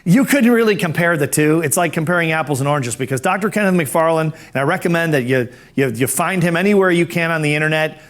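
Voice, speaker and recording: A man's voice: on the high side, fast talker, hardly any pauses. A middle-aged man teaching a speaking course, telling anecdotes in a conversational way that often repeats words and restarts phrases.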